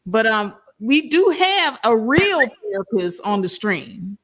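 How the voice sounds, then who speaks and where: A woman's voice: a little high, big pitch swings, slow, a bit bright. A woman hosting a livestream, reacting with incredulous questions. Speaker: host. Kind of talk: livestream commentary.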